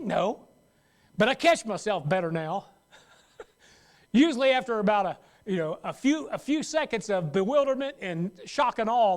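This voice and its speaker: Lively high-pitched preaching man. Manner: conversational, acts out worried voices, laughs at own jokes. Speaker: pastor. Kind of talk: sermon.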